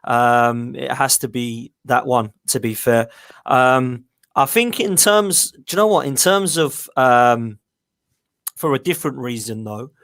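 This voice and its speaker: A man on a casual football podcast reminisces as a fan about goals he saw in person. His voice is mid-pitched, and the sound is dry and close. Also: measured pace, a bit bright, dry recording. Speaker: podcast co-host. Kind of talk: casual chat.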